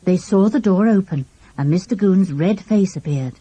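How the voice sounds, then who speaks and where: A woman narrating a children's storybook with an expressive, animated reading. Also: mid-range voice, moderate pace, few pauses, no echo, rough recording. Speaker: audiobook narrator.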